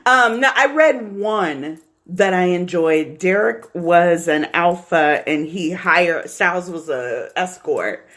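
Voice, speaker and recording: A woman co-hosting a podcast in casual chat, animated and laughing often as she acts out quotes. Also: fairly low pitch, takes it slowly. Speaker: podcast co-host.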